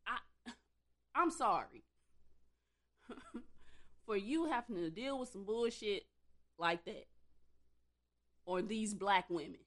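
A woman's voice: medium pitch, expressive, slow pace, long pauses, fairly bright tone. A woman ranting bluntly and profanely in a casual commentary, exasperated and swearing freely.

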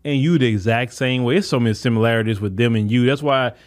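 A man's voice: mid-range voice, fast talker. A man hosting a podcast, talking in a casual, emphatic monologue straight to his listeners. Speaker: podcast host.

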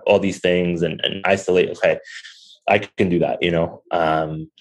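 Here a young restaurant owner, guesting on a podcast, rambles candidly through a personal story full of fillers. His voice sits low with little pitch movement, he talks at normal speed, and the recording is rough.

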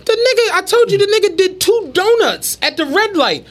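A man, co-hosting a podcast and telling animated, profane stories in casual chat. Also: extremely high pitch, moderate pace. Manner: animated storytelling, heavy slang and profanity. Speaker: podcast co-host.

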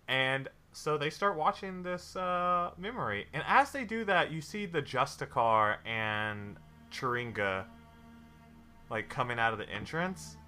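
Give me a male game master narrating a tabletop game. He talks in a loose, casual way in a bright, forceful voice, with faint music underneath. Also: mid-range voice, expressive, unhurried, clean tone. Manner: loose, filler-heavy narration.

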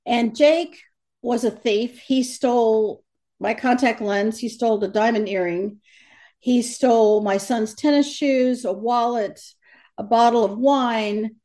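Animated storyteller woman, slightly high voice. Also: slow pace. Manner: animated storyteller, quotes others in lively voices. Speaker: guest, medium who crosses over the dead. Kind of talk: storytelling in a conversational interview.

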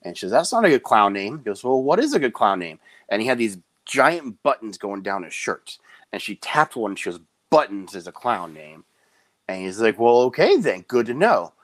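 Man, clown performer, low voice, animated storytelling, dry close sound. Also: dry recording. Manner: animated storyteller, does quick high voices for quoted people. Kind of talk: casual interview chat, storytelling.

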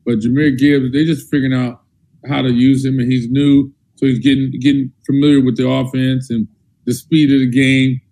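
A man's voice: medium pitch, little pitch movement, moderate pace, warm tone, low-quality recording. A man joining a sports show as a guest, talking football in an easygoing, folksy way. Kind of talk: casual phone-in sports chat.

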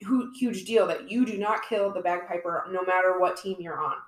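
A woman with a fairly low voice tells a history story in a loose, chatty way. She stretches out words for playful emphasis. The sound is roomy, with echo around her. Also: moderate pace. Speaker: podcast co-host telling a history story. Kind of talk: casual storytelling chat.

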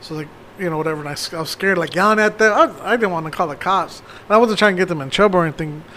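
High-voiced man rambling at speed. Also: rapid-fire, bright, forceful tone, slight background noise. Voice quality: rambling, swears often. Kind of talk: casual chat.

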